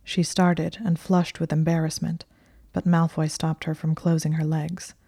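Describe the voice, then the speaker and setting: A woman narrates a story in a slow, hushed whisper. Her voice sits low and dark, staying flat and even throughout. The recording is close and dry. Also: creaky, no room sound.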